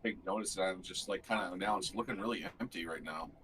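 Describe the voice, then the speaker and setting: A man's voice: deep voice, quick pace, fairly bright tone. A man playing a tabletop game, laid-back and sarcastic. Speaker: player. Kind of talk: casual tabletop play. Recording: distant from the mic.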